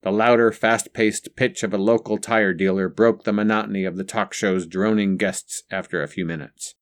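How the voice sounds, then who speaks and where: Man reading a story, low voice. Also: steady tone, normal speed. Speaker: audiobook narrator. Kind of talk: scripted narration.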